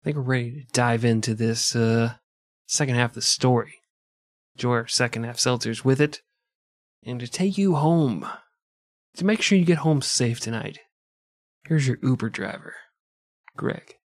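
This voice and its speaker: A man's voice: mid-range voice, moderate pace, long pauses, no room sound, studio quality. A man co-hosting a comedy history podcast, joking and swearing in casual chat. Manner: profane, joking, animated. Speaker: podcast co-host.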